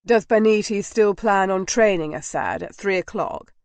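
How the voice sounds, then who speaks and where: A woman reading a storybook nobleman lover, giving him a low, soft, intimate delivery. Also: moderate pace, dry recording, natural voice. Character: male nobleman lover, tender and commanding.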